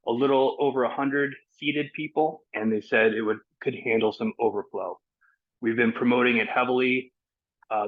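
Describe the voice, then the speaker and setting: Breathless man on a muffled video call. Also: mid-range voice. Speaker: event organizer. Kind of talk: casual meeting update. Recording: dull lo-fi call audio.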